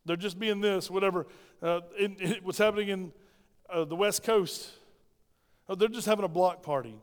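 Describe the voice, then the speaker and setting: High-voiced emphatic male pastor. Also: moderate pace, clear, resonant tone. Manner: emphatic, asks the congregation questions. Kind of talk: sermon. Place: church. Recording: reverberant church hall.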